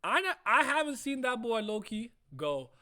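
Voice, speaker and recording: Excitable man reacting, bright and dry. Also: extremely high pitch, moderate pace, no room sound. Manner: excitable, laughs often, swings into loud trash talk. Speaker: manga reaction host. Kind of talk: casual reading reaction.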